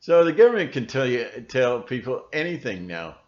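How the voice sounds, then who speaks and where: A man's voice: mid-range voice, big pitch swings, normal speed, lo-fi sound. A male video blogger ranting casually to camera, rambling and sarcastic, full of fillers and restarts.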